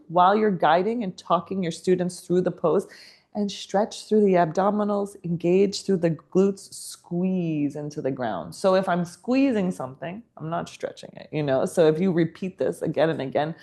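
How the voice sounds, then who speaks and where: A woman's voice: fairly low pitch, moderate pace, darkish tone. A woman teaching a yoga teacher training class, explaining in a chatty way and laughing often.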